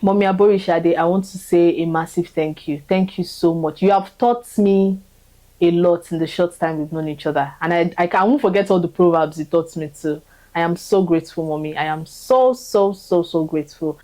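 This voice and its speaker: In a low-quality recording, a young woman with a warm voice on the low side offers fervent thanks in an emotional testimony. She repeats herself, and her voice climbs as her feelings build.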